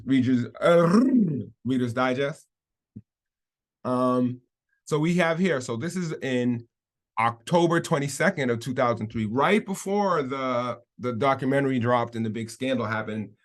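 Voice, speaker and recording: Indignant male video commentator. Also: medium pitch. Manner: indignant, talking things through. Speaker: YouTube commentator.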